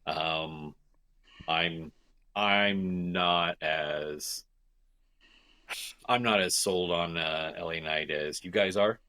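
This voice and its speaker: Deep forceful podcast co-host man. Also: very slow, pauses often. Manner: emphatic, repeats phrases for stress. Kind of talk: casual chat.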